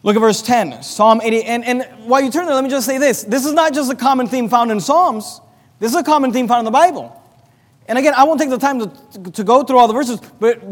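A man with a high voice preaches a sermon, quoting scripture aloud and pressing his points with rising, pleading emphasis. His voice carries a long reverb from the hall. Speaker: pastor.

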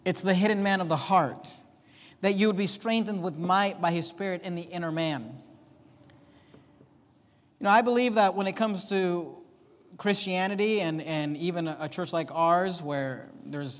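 High-voiced emphatic preacher in a reverberant hall. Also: male voice, moderate pace. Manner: emphatic, rising and dropping sharply for effect. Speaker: pastor. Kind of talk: sermon.

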